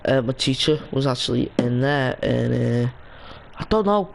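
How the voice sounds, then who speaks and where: A man's voice: medium pitch, animated, moderate pace, gravelly, a little hiss or hum, poor audio. A young man streaming a game, chatting casually and rambling with lots of restarts and fillers. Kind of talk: casual gaming stream chat.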